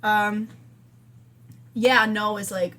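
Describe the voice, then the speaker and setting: A woman's voice: mid-range voice, fairly even intonation, very slow, fairly bright tone. A young woman from Wisconsin with a Wisconsin accent, co-hosting a podcast in chatty casual talk and telling stories. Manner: chatty, laughing storyteller. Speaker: podcast co-host. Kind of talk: casual chat.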